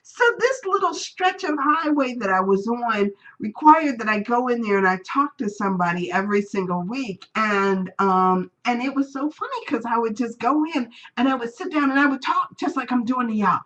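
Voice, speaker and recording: A woman's voice: fairly high pitch, animated, moderate pace, hardly any pauses, fairly bright tone, muffled recording. A woman teaching a spiritual class, telling personal stories in a chatty way and acting out the people she quotes. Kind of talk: live-streamed class talk, personal stories.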